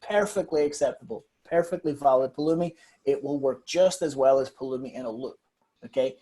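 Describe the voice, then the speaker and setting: A man walks through a software demo in a technical webinar. His voice is mellow and a little husky, at an ordinary pitch. He rambles and repeats words for emphasis. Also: brisk. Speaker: guest software engineer.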